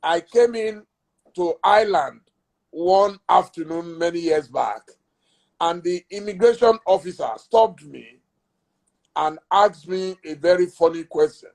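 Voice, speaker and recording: A man's voice: high-pitched, unhurried, vocal fry, a little mellow. A man hosting a casual live-stream chat, chatty and fond of telling a joke. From Nigeria. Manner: chatty, tells a joke with a chuckle.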